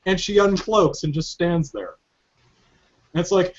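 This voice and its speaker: A man hosting a podcast in casual chat, telling stories in an animated, joking way. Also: high-pitched, a little slow, long pauses, dull audio. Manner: animated, joking storytelling with frequent laughs. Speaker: podcast host.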